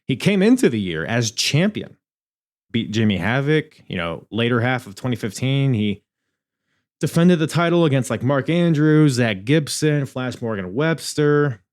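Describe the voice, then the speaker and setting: A young man hosting a podcast, reviewing in a casual, animated way, swearing and laughing at his own asides. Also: medium pitch, normal speed. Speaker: podcast host.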